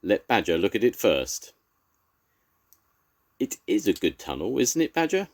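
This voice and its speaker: A man's voice: fairly low pitch, very animated, unhurried, voice pushed up, full character voice. An older man voicing a timid, tearful little male mole in a storybook, eager and pleading.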